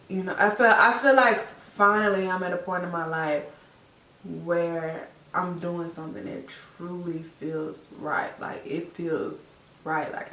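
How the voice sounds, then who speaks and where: A young woman telling a heartfelt personal story to camera, tearful and repeating herself with many fillers. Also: fairly low pitch. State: teary, crying. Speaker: vlogger, new mother. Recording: echoey room, voice a bit far from the mic.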